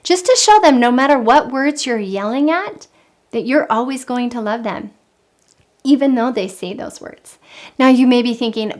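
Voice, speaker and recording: A woman giving calm, earnest parenting advice in an instructional talk, repeating her key points. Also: a little high, normal speed. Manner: calm, earnest, with frequent repetition. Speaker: parenting coach.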